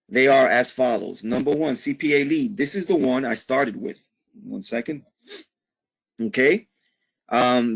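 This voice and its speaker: Gravelly man who keeps saying "okay?". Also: mid-range voice. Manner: upbeat, says "okay?" after nearly every phrase. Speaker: online marketing instructor. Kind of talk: live webinar presentation.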